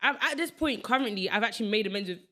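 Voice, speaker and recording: A young woman hosting a podcast, asking questions in relaxed, casual chat. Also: a little high, very fast. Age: young adult. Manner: relaxed, asks questions, short agreeing replies. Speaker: podcast host.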